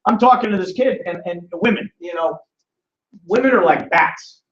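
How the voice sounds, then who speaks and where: A high-voiced man hosts a seminar before a live audience. He sounds animated, acts out the voices of the people in his stories and calls on listeners by name. The recording is roomy and distant, with a dull, lo-fi sound. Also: moderate pace. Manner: acts out quoted voices in storytelling. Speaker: seminar host. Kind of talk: live financial seminar talk.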